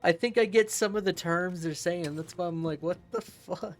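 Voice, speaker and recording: A man's voice: sits high, normal speed, soft background music. A man chatting casually while streaming a game, laughing and swearing as he reacts. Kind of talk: casual gameplay commentary.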